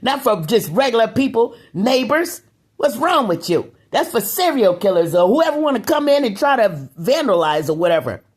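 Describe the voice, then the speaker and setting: Woman, casual vlog monologue, excitable, emphatic, repeats words, swings from muttering to raised voice. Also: a little high, moderate pace, breathy edge. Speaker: vlogger.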